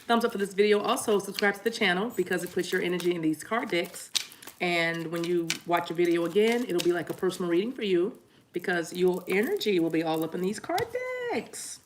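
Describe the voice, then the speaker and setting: Woman tarot reader with a lowish voice, casual live-stream host, laughs easily and rambles, chatty. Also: lively intonation, a little fast, a little hiss or hum. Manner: chatty, laughs often, warm "y'all" asides; rambling with restarts and apologies.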